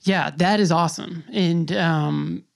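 A man's voice: a little high, fairly even intonation, slow, vocal fry. A man from New York City hosting a podcast, chatting in a rambling way and laughing easily. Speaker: podcast host. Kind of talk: casual interview chat.

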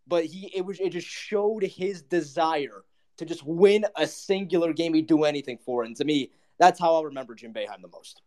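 A man's voice: fairly high pitch, moderate pace, a little mellow. A man in a casual online chat, speaking in an earnest, emphatic way. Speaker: participant.

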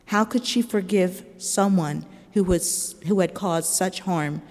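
A woman preacher giving a sermon in a measured, earnest storytelling manner. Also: lowish voice, a little mellow. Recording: long reverb of a large hall.

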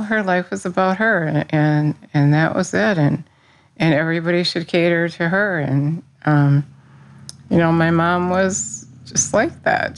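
A middle-aged woman who teaches Bible study, sharing a personal faith testimony in an earnest, rambling way. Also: sits low. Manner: earnest, rambling, with restarts and fillers.

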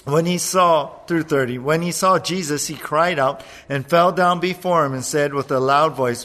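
A man preaching a sermon as pastor, animated, acting out voices as he retells a passage. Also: on the high side, moderate pace, few pauses. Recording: long hall reverb.

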